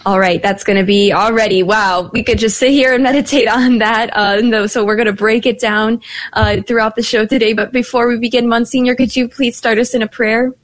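A young woman hosts a live Catholic radio talk show, with a voice pitched a bit high. She talks in a chatty, upbeat way and laughs easily. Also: fairly even intonation. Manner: warm, laughing, speaks phone numbers slowly.

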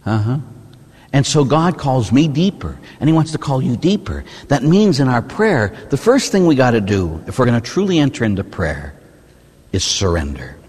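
Male priest giving a sermon, husky and animated, asks "huh?" a lot. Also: mid-range voice, moderate pace. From United States. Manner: animated preaching, asks "huh?" often, swings between loud and hushed. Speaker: Catholic priest. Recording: long hall reverb.

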